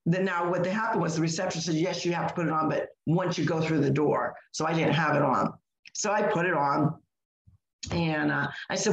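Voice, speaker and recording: A woman's voice: sits low, fairly even intonation, a little fast. Woman co-hosting a chat podcast, fired up, um and you know everywhere, roomy echo. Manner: indignant storytelling with many fillers and restarts. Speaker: podcast co-host. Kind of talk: casual chat. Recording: echoey room.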